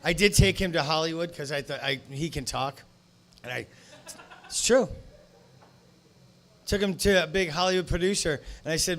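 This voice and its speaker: A man's voice: a little high, normal speed, pauses often, a bit bright. A man emceeing a comedy show from the stage, with loose, profane banter between acts.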